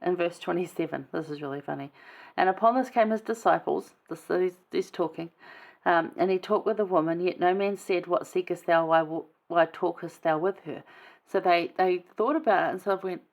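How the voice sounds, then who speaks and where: A woman with a lowish, creaky voice speaks at a moderate pace as a Bible study vlogger. In a chatty, informal way, she reads scripture verses aloud and then explains them.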